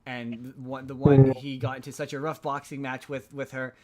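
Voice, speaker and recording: A man's voice: medium pitch, little pitch movement, moderate pace, warm tone, a little hiss or hum. A man hosting a podcast, recapping a movie plot in a loose, rambling way with many restarts. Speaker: podcast host.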